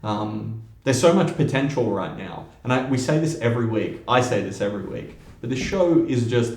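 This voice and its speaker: A man co-hosting a podcast in casual chat, steady and steering the conversation. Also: medium pitch, moderate pace. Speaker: podcast co-host. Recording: echoey room.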